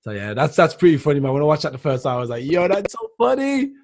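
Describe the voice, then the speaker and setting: A man's voice: a little high, sing-song, fast talker, darkish tone. A man, hosting a casual chat, rambling and tacking man onto his sentences. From England. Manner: rambling, says man a lot. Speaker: podcast host.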